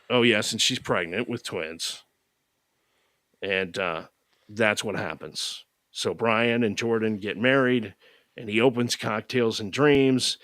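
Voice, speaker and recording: A man's voice: mid-range voice, fairly bright tone, dry recording. Sarcastic male podcast host, dry sound. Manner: sarcastic, mocking. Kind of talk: casual comedic movie recap.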